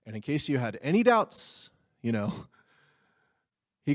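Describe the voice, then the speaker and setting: A man's voice: medium pitch, big pitch swings, measured pace, pauses often. Conversational male preacher. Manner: conversational preaching with laughs and asides. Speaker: pastor. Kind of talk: sermon.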